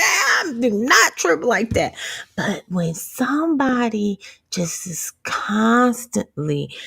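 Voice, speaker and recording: A woman's voice: medium pitch, creaky, fairly bright tone, slightly rough. A middle-aged woman vlogging candidly about empowerment, sassy and profane, laughing often.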